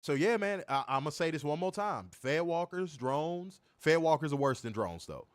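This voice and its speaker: A young man co-hosting a wrestling review livestream, reading chat comments and trash-talking in a profane, animated way. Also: on the high side, moderate pace, dry recording, clean studio sound. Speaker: wrestling podcast co-host.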